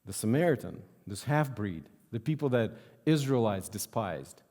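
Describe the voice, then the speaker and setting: A man's voice: lowish voice, lively intonation, normal speed, darkish tone. A male pastor preaching a sermon in a church sanctuary, earnestly repeating phrases for emphasis. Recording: long reverb of a church hall.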